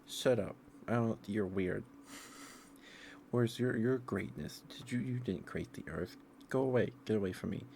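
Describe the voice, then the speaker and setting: A man voicing Moses as a blunt, slightly whiny man, louder and higher than his own low voice. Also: fairly even intonation, normal speed, slight background noise, close to an everyday voice. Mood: irritated.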